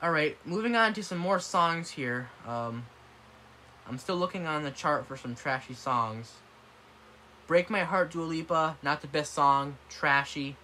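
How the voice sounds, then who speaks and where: Brief: young-sounding man with a bright, fairly high voice, ranting bluntly into a tablet mic, faint hiss behind. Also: unhurried. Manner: blunt and dismissive, swears often, gets worked up. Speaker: vlogger. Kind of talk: ranting video commentary. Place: apartment room. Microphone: tablet microphone.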